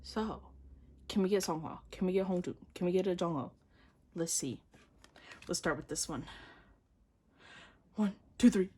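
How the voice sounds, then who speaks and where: A young woman doing a casual unboxing vlog, gushing and excitable, with gasps and slang. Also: fairly low pitch, moderate pace, long pauses, breathy edge. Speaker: vlogger.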